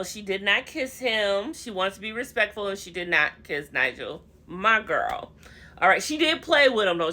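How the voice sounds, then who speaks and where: A woman's voice: mid-range voice, pushed and bright. A young woman recapping a reality TV episode in a chatty, slangy, gossipy way, calling her viewers honey and y'all.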